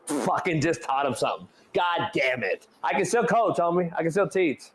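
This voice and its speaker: A man's voice: a little high, expressive, moderate pace, breathy edge. A man hosting a talk show, teasing his co-host in playful, profane banter.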